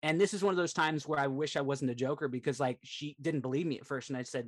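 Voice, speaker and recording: A man's voice: medium pitch, quick pace, hardly any pauses. A middle-aged man, a performance coach and speaker, earnestly retelling a personal setback as a podcast guest, peppering his talk with "like". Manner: earnest, animated retelling, frequent "like" fillers. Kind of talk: personal storytelling.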